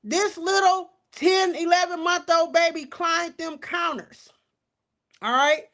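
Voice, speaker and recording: Woman, 40s, high-pitched, animated, outspoken, casual commentary, cusses. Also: takes it slowly. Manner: animated, outspoken, cusses and addresses viewers as y'all. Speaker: true crime commentator.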